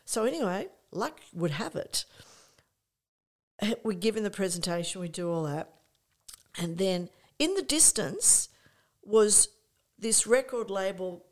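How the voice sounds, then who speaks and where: A woman's voice: medium pitch, measured pace, long pauses. Chatty older woman telling stories. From Australia. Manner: animated anecdote-telling, many restarts, acts out quoted people. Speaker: interview guest, music promoter. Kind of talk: casual storytelling chat.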